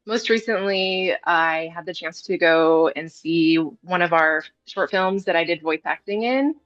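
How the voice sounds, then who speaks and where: A young voice actress from California chats casually on a video call for an interview, giggling and saying "like" a lot. Her voice sits on the low side yet sounds fairly bright, and she speaks at a measured pace. The recording is dry and dull.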